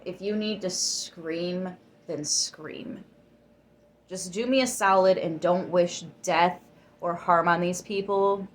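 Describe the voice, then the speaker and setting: A woman's voice: lowish voice, a bit bright. A woman giving a tarot reading to her viewers. She talks emphatically, swears freely and gets worked up. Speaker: tarot reader.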